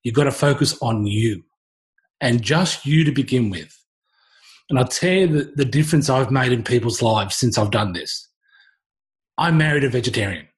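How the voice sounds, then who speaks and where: A man's voice: mid-range voice, animated, normal speed, long pauses. A middle-aged man, speaking as a health researcher in a panel discussion, emphatic and impassioned, his voice rising sharply when he is stirred up.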